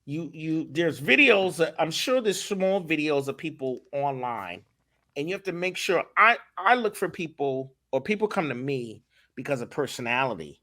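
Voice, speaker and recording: A man talking as a guest in a casual podcast interview, animated and emphatic, often repeating his words. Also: a little high, normal speed. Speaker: voice acting director, guest.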